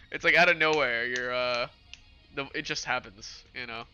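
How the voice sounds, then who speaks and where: A young man hosting a livestream, chatting casually with his chat in a relaxed, rambling way. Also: medium pitch, normal speed, highs cut off, soft background music. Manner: relaxed rambling with fillers and laughs. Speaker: livestream host. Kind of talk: casual stream chat with chat readers.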